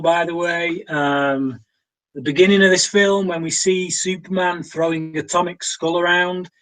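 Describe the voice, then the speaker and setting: A man's voice: on the high side, fairly bright tone, low-quality recording. A British man hosting a casual film review chat, opinionated and full of ums and restarts. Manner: opinionated, frequent fillers and restarts.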